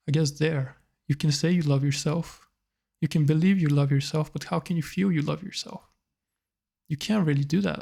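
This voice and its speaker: A man speaks in a reflective monologue, thinking aloud with hesitant pauses. His voice is a touch higher than most men's and has a gravelly, creaky edge. He keeps his tone level, with little rise and fall. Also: darkish tone. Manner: thoughtful, hesitant, musing aloud. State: slightly tearful.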